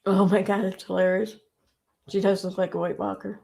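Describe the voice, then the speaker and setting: Gravelly woman chatting with viewers. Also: medium pitch, level tone, normal speed, darkish tone. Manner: chatty, reacts aloud and teases commenters with sarcasm. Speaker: livestream host. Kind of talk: casual chat reading viewer comments.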